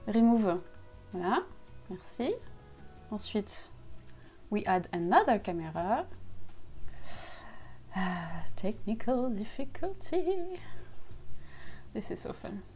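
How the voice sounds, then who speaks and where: A French woman with a French accent chatting excitedly to herself during a casual live stream, slipping between English and French. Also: medium pitch, slow, long pauses, faint music behind. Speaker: costume maker streaming live. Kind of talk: casual live-stream chat while unboxing.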